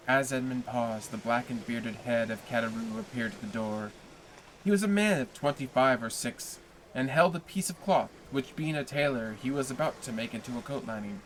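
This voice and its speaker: A man narrating a classic novel aloud on a livestream, in a low, even reading voice. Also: a little fast, a little hiss or hum. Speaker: reader.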